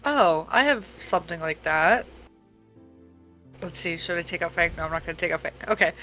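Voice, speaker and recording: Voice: mid-range voice, animated, fairly quick, bright, forceful tone, soft background music, low-quality recording. A player thinking aloud while playing a tabletop role-playing game. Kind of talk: casual tabletop role-play chat.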